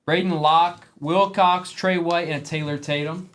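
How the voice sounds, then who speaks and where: A man's voice: fairly high pitch, fairly even intonation, fairly bright tone, slight background noise. A man hosting a live sports card break, reading off player names from the cards he opens. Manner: rapid name roll-call of cards.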